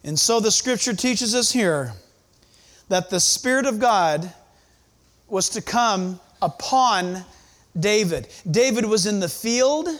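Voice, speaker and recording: A male pastor preaching a sermon in church, emphatic, with dramatic pauses. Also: high-pitched, expressive.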